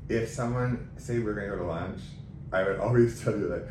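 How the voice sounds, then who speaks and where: A man with a very low voice tells his story candidly and with feeling, slipping into other people's voices as he quotes them. The room is echoey and a faint hiss sits underneath. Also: a little fast. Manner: emotional, animated, acts out quoted dialogue. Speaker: podcast guest. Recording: roomy echo, faint background noise.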